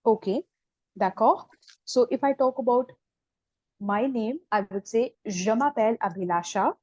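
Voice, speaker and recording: Indian woman teacher, muffled dark voice. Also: on the high side, no room sound. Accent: Indian English. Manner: patient, explains slowly, asks questions and corrects. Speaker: French teacher. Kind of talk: online language class.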